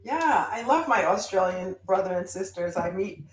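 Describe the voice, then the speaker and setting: A woman guest author telling a story in casual chat, animated and given to sudden loud bursts. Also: mid-range voice, normal speed, roomy sound, rough recording.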